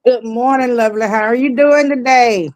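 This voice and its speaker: A woman from the American South with a Southern accent, a fast-talking, easygoing guest in a casual chat. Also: on the high side, a little mellow, no echo.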